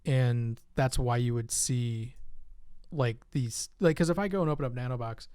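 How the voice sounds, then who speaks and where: A man talking through software design with a partner on a live stream, thinking aloud in a casual, drawn-out way. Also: medium pitch, clean tone, no room sound, studio quality.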